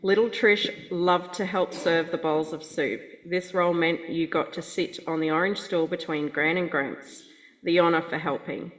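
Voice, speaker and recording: A woman giving a measured, fond eulogy for her grandmother at a funeral. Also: fairly low pitch, steady tone. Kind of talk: read eulogy. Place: funeral chapel. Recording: echoey hall.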